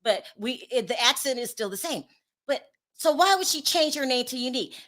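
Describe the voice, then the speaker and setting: A sassy woman commentator speaks high and bright. She calls people out bluntly and plays to her audience. Her delivery is informal and unfiltered. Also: lively intonation, fairly quick. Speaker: commentary channel host. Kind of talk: opinionated gossip commentary.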